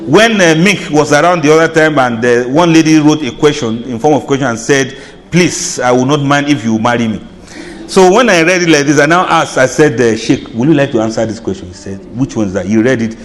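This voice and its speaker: A man giving an informal religious lecture, chatty and often laughing, playing out reactions with soft drawn-out sighs. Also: a little high, long reverb tail, slight background noise. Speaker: Islamic lecturer. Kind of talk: informal sermon.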